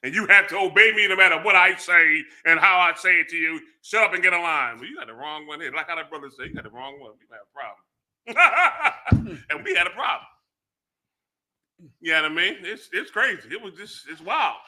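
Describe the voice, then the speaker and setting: A man with a very bright, high voice tells a story on a live stream, swinging his pitch widely. He laughs as he goes and acts out the people he quotes loudly. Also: lively intonation, fairly quick. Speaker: panel guest.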